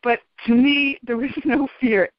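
Calm, laughing woman on radio. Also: high-pitched, measured pace, no echo. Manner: calm, animated, laughs often. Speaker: interview guest. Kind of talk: storytelling in a radio interview. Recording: dull, dry radio sound.

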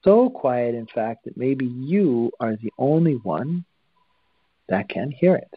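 A man guiding listeners through a breathing exercise, calm and instructive, with long pauses. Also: mid-range voice, husky, no echo, narrow, tinny audio. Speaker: breathing teacher.

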